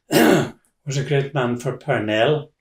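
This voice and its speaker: Slow-paced and medium-pitched, this older Irish man from Donegal is being interviewed and spins loose, rambling tales about his family. He laughs softly and restarts his sentences as he goes, and the room gives the sound an echo.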